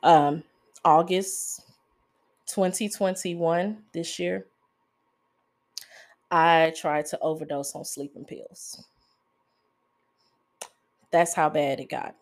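A woman hosting a podcast, speaking in a confessional monologue, halting and emotional, pausing often and holding back tears. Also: low-pitched. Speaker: podcast host.

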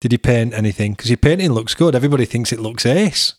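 A man's voice: medium pitch, animated, fast talker, dry recording, clean studio sound. A middle-aged man, hosting a podcast and chatting casually with his son, laughing often. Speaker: podcast host.

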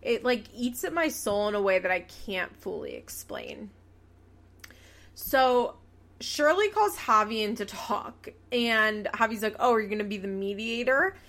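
A young woman hosting a podcast, recapping a reality show in casual, animated chat, sarcastic and quick to swear and laugh. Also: medium pitch. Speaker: podcast host.

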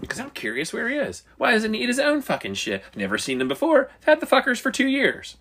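A middle-aged man with a bright, forward voice tells stories with big swings in pitch. He swears constantly and acts out his own reactions as he goes. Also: wildly swooping pitch, quick pace, husky. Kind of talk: casual profane banter.

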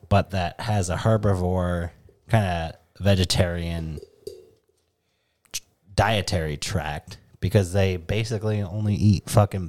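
A deep, low-pitched man with a New England accent holds forth on a casual podcast. He swears freely and slides into animated, joking rants, with his voice sitting well below most men's. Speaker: podcast co-host.

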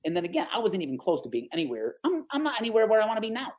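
A man in his forties from the Capital Region of New York, a guest telling stories in a casual, animated interview. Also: high voice, very fast. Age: 40s. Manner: animated, lively storyteller who acts out the people he quotes.

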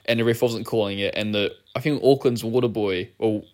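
A man's voice: lowish voice, steady tone, brisk. A young man, telling a rambling, laugh-filled story in casual chat.

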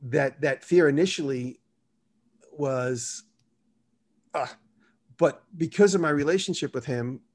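A man's voice: fairly high pitch, takes it slowly, long pauses, husky. A man tells stories in a loose, rambling way during an interview. He slips into the quoted lines of the people in his stories as he goes. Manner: rambling, acts out quoted dialogue. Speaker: guest. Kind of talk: casual storytelling.

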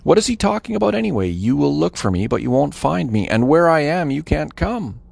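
A man's voice: on the high side, big pitch swings, fairly quick, creaky, a little mellow, slightly rough, dry recording, pitched above the performer's own voice, full character voice. A man voicing scornful religious leaders. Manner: indignant, mocking questions.

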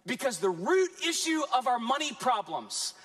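A man preaching a sermon as pastor, animated, with dramatic pauses and emphatic build-ups. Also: very high-pitched.

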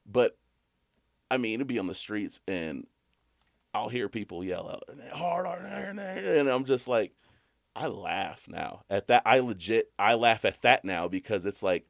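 Podcast co-host, male, from Alabama; low voice, dry close sound, animated storyteller who breaks into high laughter. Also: a little slow, creaky, no room sound. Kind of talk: casual chat.

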